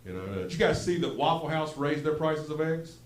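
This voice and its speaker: A man's voice: a little high, brisk. A man from West Virginia with a Southern West Virginia accent doing a self-deprecating stand-up set on a comedy club stage. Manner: self-deprecating, drawling storyteller. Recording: echoey club room, audible noise.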